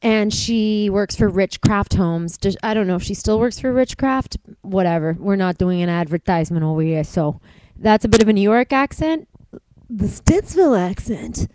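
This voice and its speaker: A woman co-hosting a casual chat, telling animated stories and breaking into silly voices. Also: mid-range voice, normal speed, no echo, poor audio. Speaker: podcast co-host.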